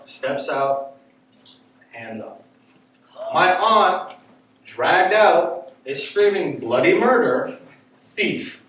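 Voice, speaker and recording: A man with a slightly high voice tells a story at an unhurried pace, animated and laughing often. He is heard from a distant mic in a very echoey room with faint background noise. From United States. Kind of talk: live stage storytelling.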